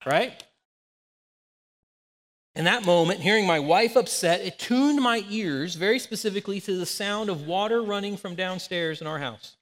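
A man in his forties preaches in a relaxed, conversational way. He tells homely stories to make his points. His voice sits notably high for a man. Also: normal speed, few pauses, big-room sound. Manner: conversational, anecdotal, animated storytelling. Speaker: pastor. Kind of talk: sermon.

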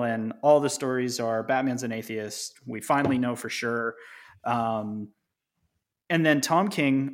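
Talkative man co-hosting a podcast. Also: medium pitch. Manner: talkative, explains at length with quick laughs. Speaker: podcast co-host. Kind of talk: casual chat.

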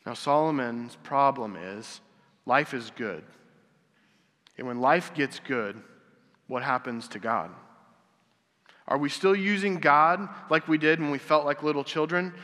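A man's voice: mid-range voice, measured pace, long pauses, pushed and bright. A man preaching a casual, conversational sermon, asking rhetorical questions and acting out quotes. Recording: long hall reverb.

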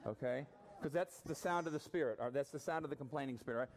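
A man preaching a sermon into a microphone, conversational and animated, with asides to the congregation. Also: medium pitch, fast talker. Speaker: pastor.

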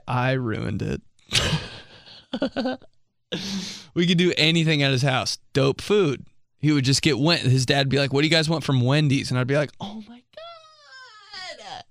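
A man's voice: mid-range voice, fairly even intonation, a little slow, gravelly, long pauses, fairly bright tone, no room sound, studio quality. A young man hosting a podcast, telling a rambling story in casual chat, full of "like"s, swearing and laughing as he talks. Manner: rambling, many "like"s, laughs often, swears freely. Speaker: podcast host.

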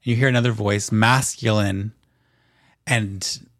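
A man narrating a tabletop game as game master in a calm, descriptive way. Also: on the low side, a little slow, no echo, studio quality.

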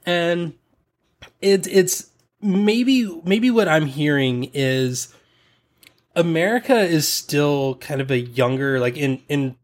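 A man's voice: a little high, expressive. A man from the American South co-hosting a casual podcast chat, using lots of likes and fillers. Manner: unhurried, drawn out, with likes and fillers.

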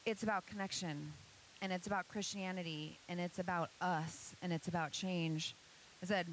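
A woman speaks earnestly to an audience and asks many rhetorical questions. Her voice sits fairly low, with a faint hiss behind it. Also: steady tone, moderate pace, poor audio. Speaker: speaker giving a church presentation. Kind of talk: motivational talk to an audience.

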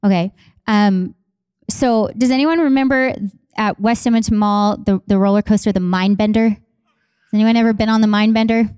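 A woman's voice: mid-range voice, fairly even intonation, normal speed, darkish tone, clear, resonant tone, no echo, studio quality. A woman pastor from Canada preaching a sermon, passionate and conversational, repeating key phrases for emphasis and speaking directly to her congregation. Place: church.

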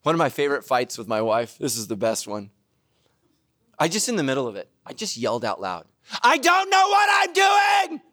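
A middle-aged man preaching a sermon as pastor, joking, laughing at himself and breaking into loud shouted asides. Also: mid-range voice, animated, fairly quick.

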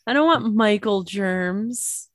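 A woman co-hosting a podcast, chiming in with wry, quick reactions in casual book talk. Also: mid-range voice, animated, dry recording, clean studio sound. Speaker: podcast co-host.

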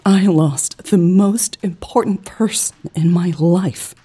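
A woman's voice: fairly low pitch, slow pace, dark tone, husky. A woman reading the lines of a grieving, hostile woman in an audiobook, sneering and confrontational. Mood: bitter, accusing.

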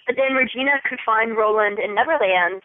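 A woman's voice: a little high, brisk. Chatty woman on a tinny call. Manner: chatty, rambling with restarts. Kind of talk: casual fan discussion. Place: home room. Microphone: online call. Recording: tinny phone-like call audio.

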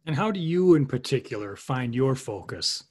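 A man hosting a radio show, interviewing a guest with clear, measured questions. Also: mid-range voice, big pitch swings.

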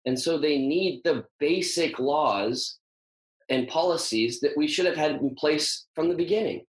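A man's voice: a little high, a little slow. A man hosting an easygoing scripture discussion, stopping to search for words with plenty of uhs and ums. His voice carries a roomy echo, as if spoken in an open room. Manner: thinking aloud, frequent ums and uhs. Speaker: host teaching on scripture. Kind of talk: casual teaching talk.

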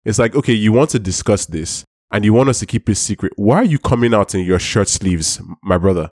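A man's voice: on the low side, animated, fairly quick, darkish tone, dry recording, studio quality. A man co-hosting a casual recap podcast, arguing his points in a wry, emphatic way. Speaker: podcast co-host. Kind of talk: casual chat, TV episode recap.

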